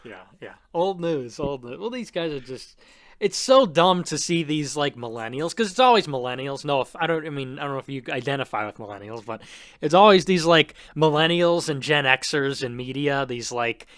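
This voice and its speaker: A man's voice: a little high, lively intonation, normal speed, fairly bright tone, dry recording. A man co-hosting a podcast, talking in a rambling, scornful, profane way. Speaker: podcast co-host. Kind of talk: casual political podcast chat.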